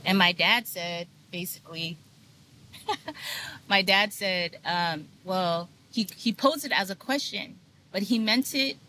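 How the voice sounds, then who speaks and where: Earnest, bright-voiced woman. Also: mid-range voice, slow pace, rough recording. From United States. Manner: earnest, frank, many fillers. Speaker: guest, sound healer. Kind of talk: candid personal storytelling. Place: video podcast set.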